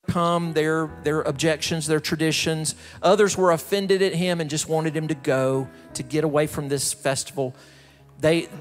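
A male pastor from the American South delivering a slow, emphatic sermon, building up repeated phrases. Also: a little high. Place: large church sanctuary. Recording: reverberant hall with soft music behind.

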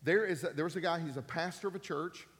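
Preaching fast, this man in his fifties drives his sermon with repeated key phrases that climb to loud, forceful climaxes. His voice sits fairly high and echoes through the long reverb of a church hall.

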